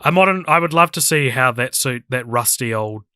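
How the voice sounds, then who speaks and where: Give me a man co-hosting a film podcast with a bright, forward voice. He chats casually and answers with dry agreement. His lines often fade off softly, and the sound is dry and close. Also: mid-range voice, expressive, moderate pace, clear, resonant tone, no echo. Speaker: podcast co-host.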